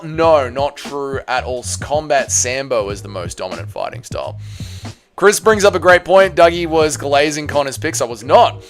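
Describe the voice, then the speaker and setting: A man's voice: a little high, a bit bright, clear, resonant tone. A man hosting a casual livestream, reading viewer messages aloud with loose banter and muttering to himself while he works the computer. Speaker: livestream host.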